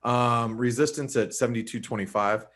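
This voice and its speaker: A man hosts a live webinar as a market analyst, walking viewers through charts in a casual, chatty style with frequent fillers and restarts. His medium-pitched voice is fairly bright, with fairly even intonation and a normal speed.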